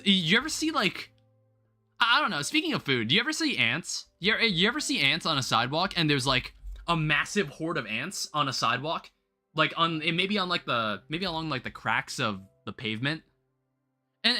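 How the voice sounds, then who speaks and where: A young man hosting a game livestream, chatting casually to his viewers in a rambling, animated way, full of restarts and quick laughs. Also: on the high side. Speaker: livestream host.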